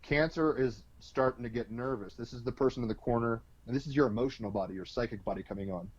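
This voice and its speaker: A man talks through astrology as an interview guest, rambling in a loose, colloquial way with plenty of fillers. His pitch sits in a middle range. The sound is dull and lo-fi, with a dry, close feel. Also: quick pace, slightly rough, no echo. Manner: loose and colloquial, full of "like" and "you know", with mild swearing. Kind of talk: casual explanatory interview talk.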